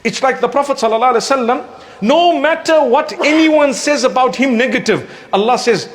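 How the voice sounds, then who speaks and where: A man preaching a conversational sermon, giving gentle advice and acting out the voices of people he describes. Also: very high-pitched, a little fast, a little hiss or hum. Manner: animated, acts out quoted speakers; recites scripture in melodic chant. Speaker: Islamic preacher.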